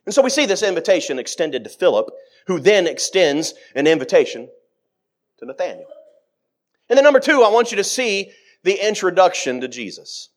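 A middle-aged man preaching a sermon, acting out scripture quotes with dramatic swings in pitch and loudness. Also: big pitch swings, a little fast.

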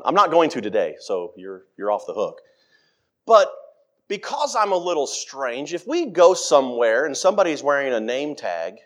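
A middle-aged man preaching a sermon, acting out scripture quotes with dramatic swings in pitch and loudness.

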